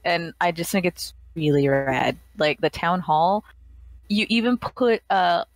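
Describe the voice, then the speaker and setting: Enthusiastic slangy woman, low-ish voice. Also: animated, unhurried. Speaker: co-host reviewing comics. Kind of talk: casual podcast critique.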